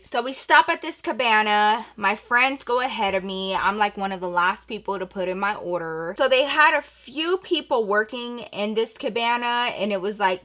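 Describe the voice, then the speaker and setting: Bright, animated woman telling a story. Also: mid-range voice. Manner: animated, slangy, swings from hushed to loud. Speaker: vlogger. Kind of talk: casual storytime while doing makeup.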